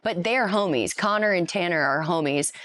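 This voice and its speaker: A woman co-hosting a casual chat show, gushing and expressive as she tells stories. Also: on the low side, normal speed. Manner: gushing and expressive, acts out quotes. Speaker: co-host.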